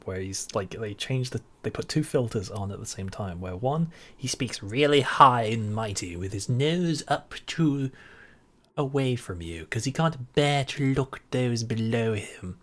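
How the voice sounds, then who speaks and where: A young man, a voice actor, chatting casually while he streams a video game, enthusiastic about the voices he hears. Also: on the low side. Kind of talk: casual gaming stream chat.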